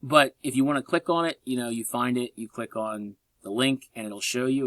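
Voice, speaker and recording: Man, college English instructor, recorded lecture voice-over, animated delivery with wry asides, dry close sound. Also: medium pitch, normal speed, few pauses, no echo. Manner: lively, joking asides, sarcastic.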